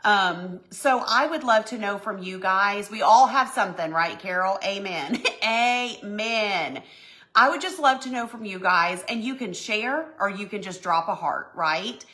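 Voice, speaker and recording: A woman hosting a casual live stream, with a bright, forward voice. She is emotional and effusive, and she gushes warmly over viewers' comments as she talks. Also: mid-range voice, measured pace. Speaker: home goods brand owner hosting a live stream. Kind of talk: casual live stream chat while signing.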